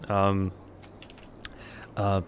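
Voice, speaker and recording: A man's voice: low-pitched, completely flat delivery, drawn-out words, a little hiss or hum. A man from Latvia, a native Russian speaker, doing live gameplay commentary, thinking aloud and chatting to viewers between game remarks. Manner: thinks aloud, rambling with fillers and restarts. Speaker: livestreamer.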